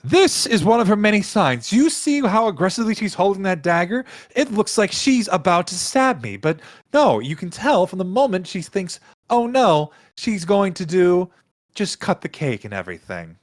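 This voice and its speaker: A man's voice: high-pitched, big pitch swings, normal speed, no echo, voice pushed up. A man voicing a haughty, scheming fey queen who accuses in a pompous, theatrical way.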